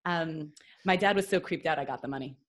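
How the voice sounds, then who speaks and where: A woman from New York, a podcast guest, telling a personal story in a chatty, animated way with lots of fillers and restarts. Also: sits low, a little fast. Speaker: podcast guest, business consultant. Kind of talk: casual storytelling.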